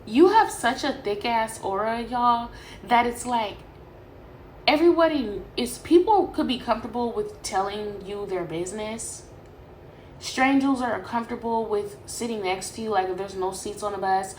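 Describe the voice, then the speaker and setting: A young woman from Sacramento runs a casual tarot reading straight to camera, swearing freely and rambling in an animated way. Her voice sits at a middle pitch. The room is echoey, with a faint hum of ambience behind her. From Sacramento, California. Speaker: tarot reader.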